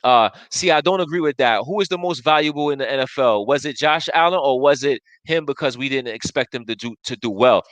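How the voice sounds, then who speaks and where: A man's voice: medium pitch, fairly quick, hardly any pauses, fairly bright tone, dry recording, poor audio. A man in his thirties hosting a live sports talk show, arguing emphatically and restarting his sentences as he reads viewer comments. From Buffalo area, US. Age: 30s.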